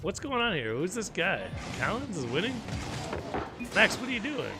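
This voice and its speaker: A man's voice: sits high, big pitch swings, moderate pace, over loud music. An American man hosting a stream, chatting loosely as he watches a game, stammering, repeating himself and laughing often. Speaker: streamer host. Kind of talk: casual chat while watching a game.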